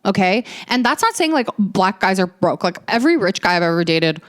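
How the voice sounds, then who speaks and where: A woman's voice: mid-range voice, sing-song, a little fast. A woman in her early twenties hosting a podcast, telling stories in a sassy, ranting, profane way. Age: early 20s. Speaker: podcast host. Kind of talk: casual storytelling chat.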